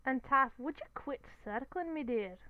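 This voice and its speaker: A woman's voice: high voice, animated, moderate pace, narrow, tinny audio. A woman voicing a grumpy, sluggish pumpkin-headed man with a put-on Scottish accent and formal, old-fashioned phrasing, in a casual fanfic reading with friends. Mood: bewildered.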